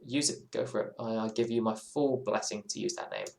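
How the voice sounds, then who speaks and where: A man's voice: fairly low pitch, wildly swooping pitch, a little fast, gravelly, a little mellow, echoey room. A man streaming a game, chatting casually in a rambling, musing way that keeps circling back on itself. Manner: rambling, musing, self-interrupting. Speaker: gaming streamer. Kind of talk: casual live-stream chat while playing.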